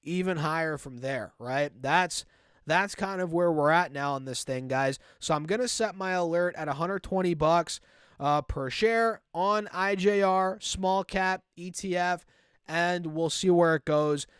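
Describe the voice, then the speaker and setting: A man's voice: on the high side, a little slow, a bit bright, clear, resonant tone, dry recording, clean studio sound. Casual young man with a slight cold. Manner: casual, repeats "right?" and "man", speaks to "guys". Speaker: stock market YouTuber. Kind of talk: casual market commentary over charts.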